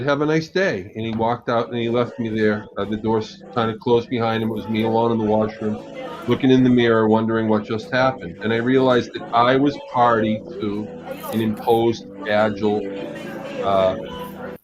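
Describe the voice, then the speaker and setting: Low-voiced man telling a lively story. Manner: animated, vivid anecdotal delivery. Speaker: guest agile coach. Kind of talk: storytelling in a live panel talk. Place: live panel at a bar. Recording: dull lo-fi sound.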